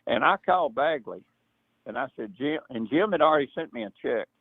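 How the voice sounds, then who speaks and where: An older man telling animated stories in casual talk, doing quick high-pitched impressions of other people. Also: vocal fry, husky, dry recording. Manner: animated storyteller, imitates others in a high excited voice. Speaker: guest. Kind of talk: storytelling in casual chat. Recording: dry tinny phone-like line.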